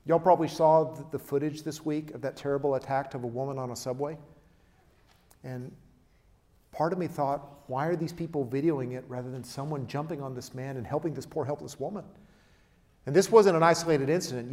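A man preaching a sermon, emphatic, swinging between loud declarations and quiet asides. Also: a little high. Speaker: pastor. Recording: long hall reverb.

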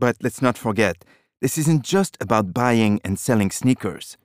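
A man's voice: medium pitch, lively intonation, moderate pace, dry recording, clean studio sound. A man speaking in a scripted lesson dialogue, plain and informative.

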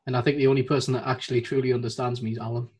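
A man's voice: mid-range voice, little pitch movement, very fast, darkish tone, breathy edge. A man with a regional British accent, co-hosting a podcast in casual, self-deprecating chat. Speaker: podcast co-host.

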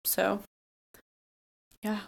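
A woman, a political candidate talking in a casual interview, earnest, with many fillers and restarts. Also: very slow.

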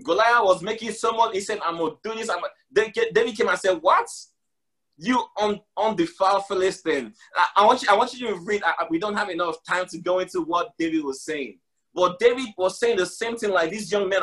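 A man's voice: high voice, fairly quick, fairly bright tone. A man preaching with passion on a live broadcast, repeating his key phrases and calling out to listeners with "y'all.".

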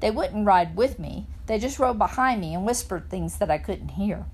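Woman reading a kids novel out loud, steady, plain, mid pitch. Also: moderate pace, a little hiss or hum. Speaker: reader. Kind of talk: reading a children's novel aloud.

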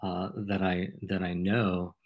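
Low-voiced man, ornate and playful. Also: little pitch movement. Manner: ornate, playful word choice, measured delivery. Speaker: podcast host, interviewed as guest. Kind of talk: conversational interview.

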